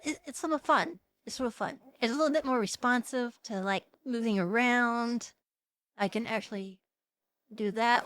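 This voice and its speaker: A young woman hosting a casual live stream, talking in a chatty, giggly way with plenty of ums and uhs. Her voice sits fairly high. The sound is dry, with no room around it. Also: no echo. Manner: chatty, giggly, lots of fillers. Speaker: VTuber streamer host.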